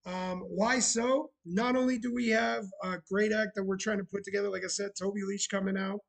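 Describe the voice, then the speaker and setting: A man's voice: high-pitched, steady tone, fairly quick, rough recording. A man chatting casually on a live stream, sarcastic and talkative, greeting viewers as he goes. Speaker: streamer running a bar roleplay channel.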